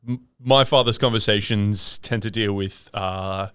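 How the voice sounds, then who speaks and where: Deadpan young male podcast co-host. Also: fairly low pitch, a little slow, smooth, dry recording. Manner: dry, deadpan banter. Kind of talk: casual comedic podcast chat.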